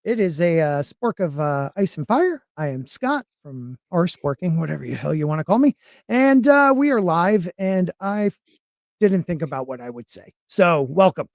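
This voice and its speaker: A man's voice: a little high, sing-song, moderate pace, dry recording. A man from western Connecticut hosts a casual live-stream chat, rambling from one joke to the next. He teases himself as he goes. His voice sits dry and close to the mic. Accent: Connecticut, near New York. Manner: rambling, jokey, self-deprecating. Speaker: podcast host.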